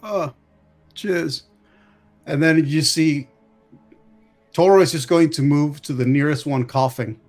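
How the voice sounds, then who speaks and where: A man's voice: fairly high pitch, fairly even intonation, moderate pace, a little mellow, faint music behind. A man playing a tabletop game, casually describing what his character does. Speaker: player. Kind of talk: narrating own character's actions.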